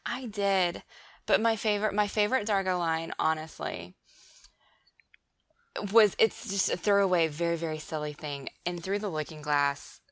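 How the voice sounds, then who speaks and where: A woman's voice: fairly low pitch, normal speed, clear, resonant tone. A woman co-hosting a podcast in casual chat, giggling and quoting favorite lines. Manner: giggly, animated, quotes lines in silly voices. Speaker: podcast co-host.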